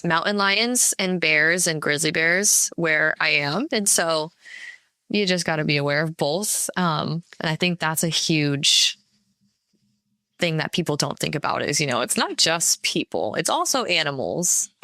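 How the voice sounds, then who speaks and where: Low bright-voiced woman guest. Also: lively intonation, a little slow, no echo. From Pacific Northwest. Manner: easygoing, hesitant with fillers. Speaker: podcast guest. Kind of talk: casual interview chat.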